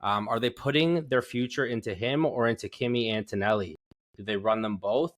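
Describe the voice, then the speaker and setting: A man from Canada with a mid-range voice, co-hosting a casual podcast. He reads listener mail and throws in quick, wry, profane remarks. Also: medium pitch. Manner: quick, wry interjections, swears. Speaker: podcast co-host and editor. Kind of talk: casual chat.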